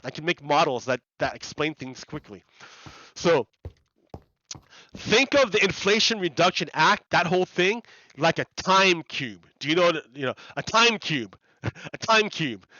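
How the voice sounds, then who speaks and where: Bright, high-voiced rambling male streamer. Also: no echo, dull audio. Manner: rambling, repeats words and restarts, laughs often. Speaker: live streamer. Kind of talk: casual live-stream chat while playing a game.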